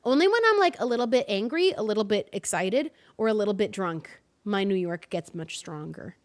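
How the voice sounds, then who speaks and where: Animated young woman, North Jersey accent. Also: medium pitch, fairly quick. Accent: North New Jersey. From North New Jersey. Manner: chatty, animated, self-deprecating. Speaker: streamer. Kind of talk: casual gaming commentary.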